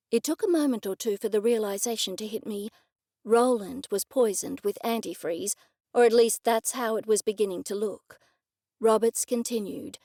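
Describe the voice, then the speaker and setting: A woman narrating a first-person cozy mystery audiobook in a measured, expressive storytelling manner. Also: fairly high pitch, no echo, clean studio sound.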